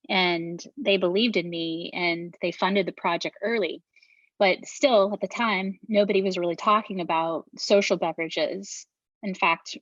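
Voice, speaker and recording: Speaking as a podcast guest, a middle-aged woman who founded a beverage brand recounts her story in a fairly bright, lowish voice. Frank and casually profane, she frequently breaks off and restarts her sentences. The recording is dry and muffled.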